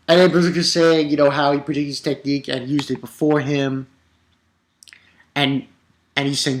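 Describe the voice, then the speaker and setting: A man casually reviewing a comic chapter, rambling with restarts and bursting into excited, profane outbursts. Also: fairly high pitch, fairly quick. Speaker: manga reviewer.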